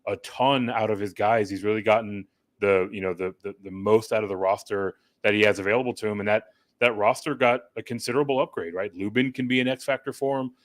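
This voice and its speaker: A man's voice: lowish voice, steady tone, quick pace, no echo. A man co-hosting a sports talk show who rambles through his analysis, full of "right?" and "you know". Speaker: podcast co-host.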